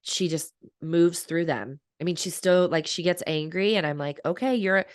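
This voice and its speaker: A woman's voice: sits low, steady tone, normal speed, smooth, no room sound, studio quality. A woman in her thirties, a coach and author, talking reflectively in a podcast interview and laughing often.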